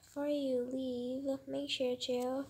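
A woman with a high, breathy voice talks slowly and casually, rambling and mocking her own old video. She is recorded through a phone's screen-recorder mic. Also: level tone, mellow.

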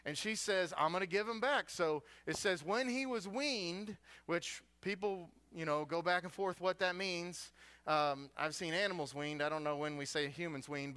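A man's voice: on the high side, sharp tone, clean tone. A man preaching a sermon as a guest preacher in a church, retelling a story with humor and animation.

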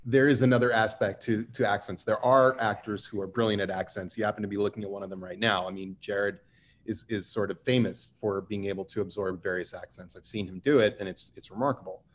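A man's voice: lowish voice, fairly even intonation, quick pace, a little hiss or hum. A man speaking on a panel, conversational and emphatic with dry humor. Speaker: writer on a panel. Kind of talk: panel discussion.

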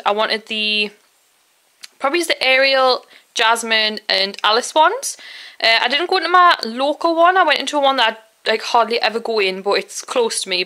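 A young woman talks through her week in a casual vlog. She tells stories in a run-on, chatty way, peppered with "like" and acted-out quotes. Her voice sits a little high and sounds bright and forward. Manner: animated storytelling, acts out quotes, lots of "like". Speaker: vlogger.

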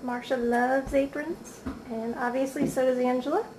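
Woman, home vlogger, slightly high voice, chatty and self-deprecating, faint hiss on the camera track. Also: fairly even intonation, moderate pace. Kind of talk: casual home video chat. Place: house, indoors.

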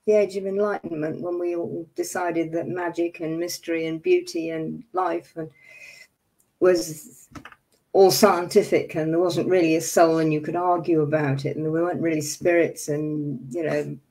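A woman's voice: sits low, little pitch movement, normal speed, mellow. A woman in her seventies hosting a livestream, talking to viewers in an angry, emphatic way and apologizing for her outbursts. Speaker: livestream host. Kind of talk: impassioned casual talk to viewers.

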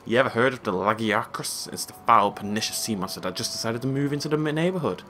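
A man voicing a gruff, blustery old male village chief from a video game, speaking in a folksy, boastful way. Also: mid-range voice, fast talker, pushed and bright, a little hiss or hum, lightly acted. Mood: folksy, blustering.

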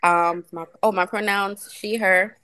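A woman's voice: mid-range voice, unhurried, no echo. A woman guest on a podcast, chatting casually, laughing often and telling stories with feeling. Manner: laughs often, expressive storytelling. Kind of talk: casual chat.

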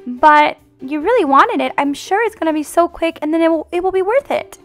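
A woman hosting a family game roleplay as the mom, gentle and motherly in a singsong way. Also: very high voice, lively intonation, a little fast, soft background music. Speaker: channel host roleplaying the mom.

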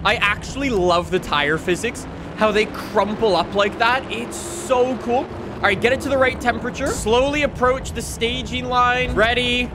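A man giving excitable gameplay commentary as a YouTuber, reacting and talking to himself. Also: very high voice, normal speed, background noise. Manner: excitable, laughs a lot, talks to himself. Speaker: gaming YouTuber.

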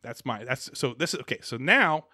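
A man co-hosting a casual podcast chat, rambling and animated with many restarts. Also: mid-range voice, normal speed, no echo, clean studio sound. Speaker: podcast co-host.

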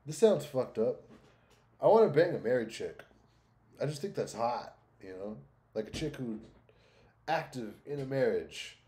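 A man's voice: medium pitch, expressive, measured pace, long pauses, dark tone. A man streaming casual reactions to videos, talking bluntly with lots of swearing. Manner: crude, blunt and swearing, drawling.

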